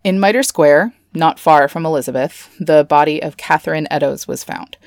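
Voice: medium pitch, normal speed, creaky, dry recording. Dry, sarcastic true-crime podcast host. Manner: sarcastic asides, casual swearing. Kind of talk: comedic true-crime narration.

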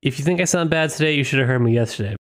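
A man co-hosting a relaxed book-discussion podcast, a bit congested and stuffy. He rambles casually, jokes a lot and laughs easily. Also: medium pitch, very fast. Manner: jokey, laughs often, rambling. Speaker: podcast co-host. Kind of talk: casual book-club chat.

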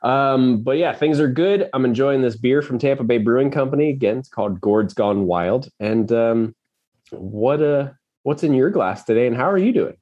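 A man's voice: medium pitch, moderate pace, muffled recording. Man, from florida, co-host, easygoing chat at home, lots of ums. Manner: easygoing, with many ums and uhs. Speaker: podcast co-host. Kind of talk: casual chat.

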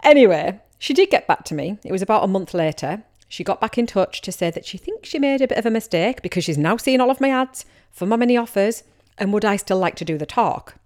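A woman's voice: mid-range voice, lively intonation, brisk, a little mellow. A woman with a Teesside accent hosting a casual solo podcast, speaking candidly and chattily as a business coach who now and then acts out what listeners might be thinking. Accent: Teesside English. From Teesside, England.

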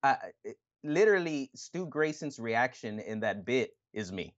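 A man co-hosting a casual wrestling chat, animated and profane, often acting out other people's lines. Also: medium pitch, measured pace, lo-fi sound. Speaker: podcast co-host.

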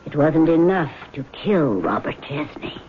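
An actress playing a vengeful female ghost in a 1970s radio drama, speaking slowly and sometimes whispering. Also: low-pitched, sing-song. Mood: cold, menacing. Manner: slow, measured, sometimes whispering. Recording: tinny old radio broadcast with faint hiss.

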